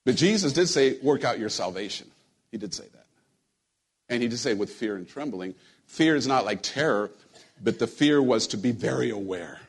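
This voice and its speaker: A man preaching a sermon to his church in a relaxed, conversational way, joking with the congregation and often repeating his words. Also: medium pitch, moderate pace. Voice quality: husky. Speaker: pastor. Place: church sanctuary.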